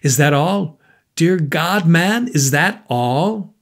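A man's voice: a little high, animated, takes it slowly, creaky, voice pushed up, heavily acted. A man reading a storybook voices a troubled, brooding man who talks in a gloomy, pressing way. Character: tense, brooding man, restless and intense.

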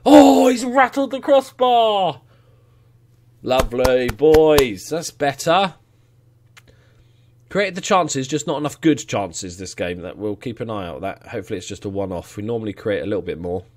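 A man casually commentating his football management game, getting excited, cheering goals and swearing now and then. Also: lowish voice, moderate pace, slight background noise. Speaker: let's play gamer.

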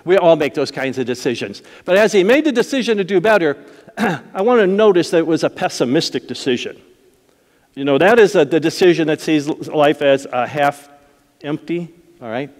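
A man's voice: fairly high pitch, lively intonation, normal speed, a little mellow. A man preaching a sermon as a pastor, telling stories in a conversational way and acting out the voices of the people in them. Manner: conversational storytelling with acted-out voices and laughs. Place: church sanctuary. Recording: long hall reverb.

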